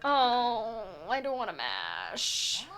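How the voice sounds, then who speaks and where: Bright-voiced playful young woman streamer. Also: fairly high pitch, wildly swooping pitch, extremely slow, vocal fry, faint music behind. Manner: playful, rambling, lots of filler "like". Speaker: streamer playing a randomized adventure game. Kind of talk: casual gameplay commentary.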